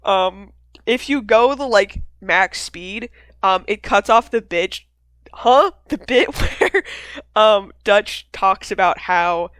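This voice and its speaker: A woman hosting a casual discussion, talking in an animated way, swearing freely and acting out characters' lines. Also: medium pitch, takes it slowly, dry recording. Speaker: podcast host leading a discussion. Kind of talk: casual chat.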